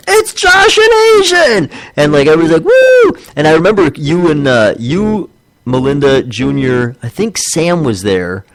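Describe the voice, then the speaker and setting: A man's voice: medium pitch, dry recording. A man in his thirties chatting casually as a podcast co-host, telling stories and acting out the quotes. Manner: animated storyteller, acts out quotes. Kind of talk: casual chat.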